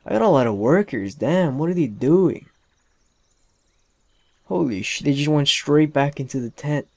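A young man giving casual, excitable gameplay commentary, swearing often and talking to the characters on screen. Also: a little high, unhurried, vocal fry, dry recording. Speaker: let's play gamer.

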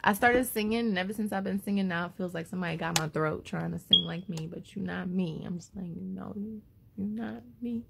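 A woman's voice: lowish voice, fairly quick, creaky, very noisy. A woman vlogger chatting casually and rambling to her viewers as she unboxes something, a little out of breath.

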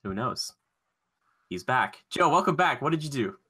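A man's voice: medium pitch, sing-song, sharp tone, breathy edge. A young man co-hosting a podcast in casual chat, joking and acting out little voices. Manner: joking, quick to laugh and act out voices. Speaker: podcast co-host.

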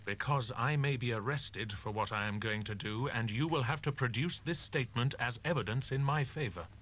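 A man's voice: medium pitch, a bit bright, slight background noise, lightly acted. A man as a grim, determined student. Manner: grim, firm, deliberate. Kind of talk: audiobook drama acting.

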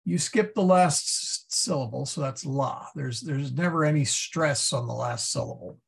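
A man teaching a Latin class, explaining step by step and thinking aloud with many pauses and fillers. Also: medium pitch, gravelly, husky. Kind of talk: classroom lesson.

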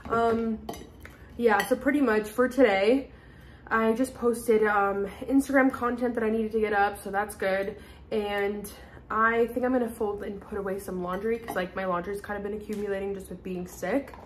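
A young woman talks to her phone camera at arm's length in a loose, chatty vlog style. Her voice sits at a middle pitch, and she wanders from thought to thought, filling the gaps with "like" and "um". Faint room ambience sits behind her. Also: fairly even intonation, normal speed, slight background noise. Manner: rambling, fillers like "like" and "um". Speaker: vlogger. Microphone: handheld phone at arm's length.

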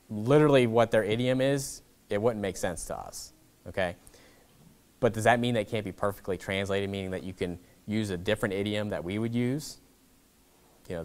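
Blunt, combative pastor. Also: male voice, medium pitch. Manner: blunt, combative, conversational with frequent "okay?" asides. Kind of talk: Bible class teaching.

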